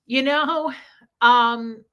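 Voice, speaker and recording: A woman's voice: high voice, very slow, a bit bright, clear, resonant tone, dull audio. A woman hosting a casual livestream, greeting viewers by name one after another. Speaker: livestream host.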